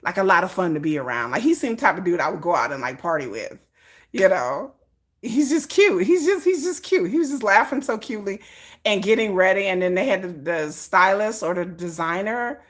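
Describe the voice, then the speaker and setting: A woman's voice: mid-range voice, big pitch swings, a little fast. A woman chatting casually as a vlogger, laughing often and acting out little scenes in playful voices. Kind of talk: casual chat.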